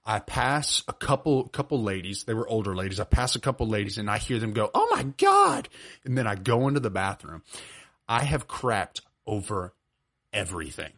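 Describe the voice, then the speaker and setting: Podcast co-host, man in his twenties, lowish voice, animated storyteller acting out voices. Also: fairly quick. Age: 20s. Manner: animated storyteller who acts out voices and laughs often. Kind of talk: casual storytelling chat. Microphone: video call.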